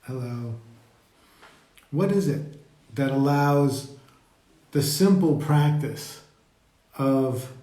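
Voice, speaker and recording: Man teaching meditation, mellow and roomy. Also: mid-range voice, expressive. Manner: slow, reflective, greets viewers by name. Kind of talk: live-streamed meditation talk. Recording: roomy echo.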